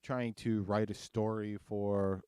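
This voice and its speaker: American guy cohosting a podcast, low mellow voice, swears a lot, dry close mic. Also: little pitch movement, slow pace, clear, resonant tone, no echo. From United States. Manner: profane, laughing, mocking impressions. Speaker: podcast co-host. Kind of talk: casual chat.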